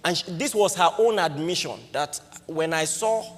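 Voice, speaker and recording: A Nigerian-accented man preaches at normal speed in a fairly high voice, telling the congregation a personal story and peppering it with rhetorical questions in a lively, anecdotal manner. The hall sounds reverberant, with faint music plus a little hiss or hum.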